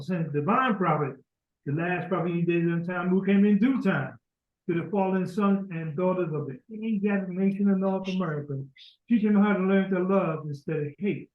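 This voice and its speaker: A man chairing a temple meeting, opening with rapid, run-on invocations and praises. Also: high-pitched. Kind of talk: opening prayer and greetings at a religious meeting. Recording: muffled, echoey room.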